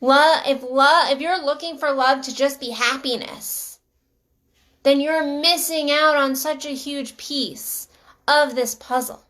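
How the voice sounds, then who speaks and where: Speaking slowly in a high, steady and slightly bright voice, a middle-aged woman coaches on relationships in a casual talk to camera. She is earnest and emphatic, frequently repeating points to drive them home.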